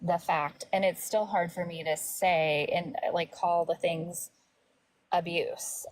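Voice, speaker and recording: A woman's voice: lowish voice, steady tone, takes it slowly, dry recording, low-quality recording. A woman co-hosting a call-in show, talking reflectively and earnestly with casual fillers. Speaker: co-host. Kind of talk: casual livestream chat.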